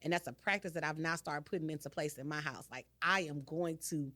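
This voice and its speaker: A woman's voice: deep voice, a little fast, bright, forceful tone, dry recording. A woman hosting a podcast and speaking as a parent, outspoken and emphatic in casual discussion.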